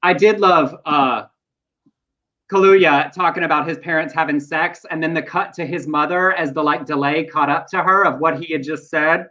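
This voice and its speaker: A man co-hosting a casual news talk show, animated, with playful asides and quotes. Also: fairly high pitch, normal speed, dull audio. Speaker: podcast co-host.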